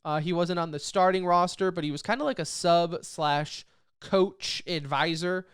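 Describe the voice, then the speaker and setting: A man co-hosting a podcast in casual chat, his voice clear and resonant and pitched a little high. He rambles, restarts his sentences and laughs often. The sound is dry and close. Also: moderate pace, fairly bright tone, no room sound. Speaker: podcast co-host.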